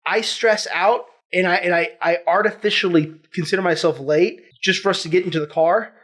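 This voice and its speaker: A man co-hosting a podcast, telling animated stories in casual chat and laughing as he goes. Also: high-pitched, brisk. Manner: animated storyteller, laughs through his stories. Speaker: podcast co-host.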